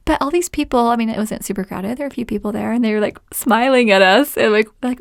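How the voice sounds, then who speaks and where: A woman's voice: on the high side, quick pace, few pauses, dry recording, clean studio sound. A woman in her forties hosting a podcast, telling a personal story in a chatty way and often laughing. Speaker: podcast host.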